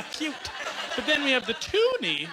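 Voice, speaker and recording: A Canadian man performing a stand-up comedy routine on a club stage, animated and mocking, slipping into mock outrage. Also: very high-pitched, measured pace, noisy background.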